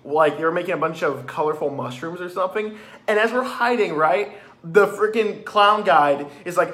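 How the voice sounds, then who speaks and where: A man excitedly retelling a haunted attraction visit in a casual, swearing review with many restarts. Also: high-pitched, moderate pace.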